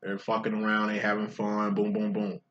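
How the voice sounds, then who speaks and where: In a dull lo-fi recording, a tarot reader speaks in a lowish, monotone, brisk and somewhat bright male voice. His casual card reading is crude and blunt, and he ridicules the listener while performing quoted lines loudly.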